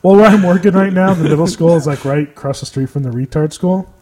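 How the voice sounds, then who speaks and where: A man's voice: a little high, quick pace, a little hiss or hum. A man co-hosting a podcast in casual chat, telling stories with lots of laughter and mocking asides. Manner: animated, laughs often, mocking storyteller. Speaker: podcast co-host.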